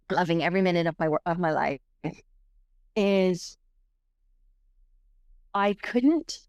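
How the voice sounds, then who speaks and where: A middle-aged woman tells a personal story as a podcast guest, and her talk rambles with many restarts and fillers. Her voice is smooth and clear, and the close microphone keeps it dry and present. She sits at a middle pitch for a woman. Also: no room sound. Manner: animated, rambling, full of restarts and "like".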